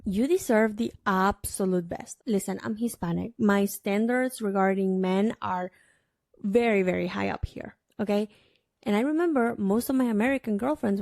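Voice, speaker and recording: A woman's voice: medium pitch, creaky, a little mellow, no room sound, studio quality. A woman hosting her own solo podcast, talking in a chatty, emphatic way straight to the listener. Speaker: podcast host. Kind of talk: casual solo podcast monologue.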